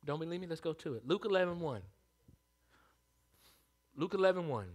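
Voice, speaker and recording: A man preaching a sermon as pastor, animated, swinging from hushed asides to loud calls. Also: fairly high pitch, normal speed.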